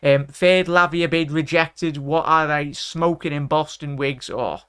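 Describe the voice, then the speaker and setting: Ranting stream host, dry sound. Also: male voice, a little high, steady tone, unhurried, clear, resonant tone, dry recording. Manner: rambling, shouts out viewers by name; fired-up, ranting in frustration. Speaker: host of a fan watchalong stream. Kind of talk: casual live-stream chat.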